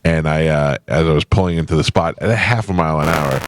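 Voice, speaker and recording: A man's voice: very deep voice, fast. A man hosting a morning radio show, telling stories in blunt, wry casual banter. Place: radio studio. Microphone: studio microphone.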